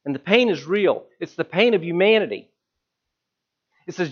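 A male preacher giving a relaxed, conversational sermon with self-deprecating humor. His fairly high voice swings widely in pitch. The recording sounds dull and lo-fi. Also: normal speed, long pauses.

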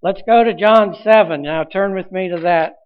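A man's voice: high-pitched, normal speed, phone-quality sound. A man preaching a sermon as pastor, earnest, with restarts and rising emphasis.

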